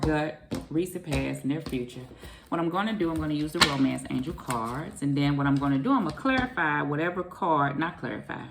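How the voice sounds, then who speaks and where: A woman's voice: deep voice, vocal fry, background noise. A middle-aged woman, doing a chatty casual tarot reading and calling her viewers baby and honey. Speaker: tarot reader.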